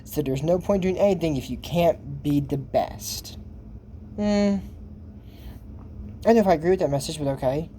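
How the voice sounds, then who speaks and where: A man talks his way through a cartoon recap in a loose, rambling way, trailing off into asides. His voice is mellow and warm, and a faint hiss sits under the recording. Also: fairly high pitch, moderate pace, long pauses. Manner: rambling, chatty, full of asides and fillers. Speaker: video host recapping a cartoon episode. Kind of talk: casual commentary.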